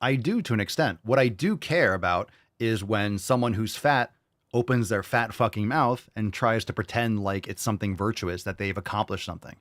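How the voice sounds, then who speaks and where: A man's voice: lowish voice, fairly bright tone, no echo, studio quality. A man hosting a podcast, reacting to clips with crude, combative, profanity-laced rants. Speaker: podcast host.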